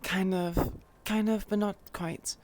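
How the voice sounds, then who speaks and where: A woman's voice: medium pitch, fairly even intonation, slow, a little mellow. A woman from Bristol with a Bristol accent, chatting casually out of character as a streamer in a VR role-play, in a self-deprecating way. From Bristol, England.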